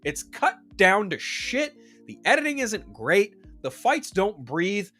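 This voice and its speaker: A man's voice: sits high, big pitch swings, slow pace, sharp tone, faint music behind. A man streamer giving a casual, profane, emphatic rant about movie news.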